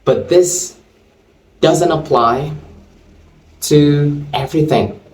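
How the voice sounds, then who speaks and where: Slow, deliberate male English teacher. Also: a little high, darkish tone, far from the mic. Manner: slow, deliberate explaining with spelled-out endings. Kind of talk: English grammar lesson. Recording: roomy sound from off-mic.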